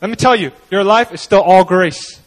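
A man's voice: sits high, normal speed, low-quality recording. A man preaching a sermon in a conversational way, often acting out the people he quotes. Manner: conversational, animated, acts out quoted voices. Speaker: pastor.

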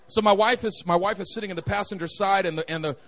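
A man's voice: high-pitched, quick pace, a bit bright. A young man preaching a humorous sermon in a church, telling stories and joking with the congregation. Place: church sanctuary.

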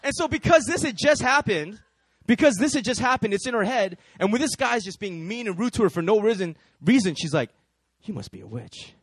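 A man preaching through a personal story, animated, with lots of repeated fillers and laughter. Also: sits high, fairly quick, dry recording. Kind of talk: storytelling sermon.

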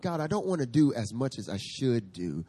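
A male pastor preaching a sermon at a church service, telling stories in an animated way and laughing often. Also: medium pitch, normal speed, slightly rough.

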